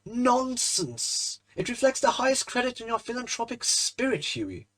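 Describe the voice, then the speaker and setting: A man voicing a jovial male painter who laughs at and teases his friend, in a loud, hearty way, in a storybook reading. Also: very high voice, sing-song, normal speed, pitched above the performer's own voice, full character voice. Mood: hearty, amused.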